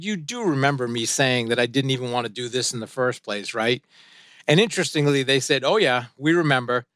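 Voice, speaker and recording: A middle-aged man tells a story from his past in an even, unhurried way, with plenty of fillers and voices for the people in it. His voice sits at an ordinary pitch. The recording is close and dry, with no room sound. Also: dry recording. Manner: calm, even, conversational with fillers and quoted dialogue. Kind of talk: personal storytelling, casual retelling.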